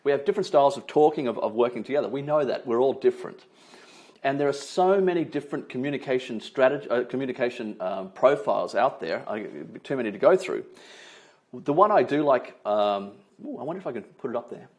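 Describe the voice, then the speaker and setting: Speaking a little fast in a mid-range voice, a male trainer delivers an animated online webinar via video call. Emphasis and tag questions like "right?" run throughout his talk.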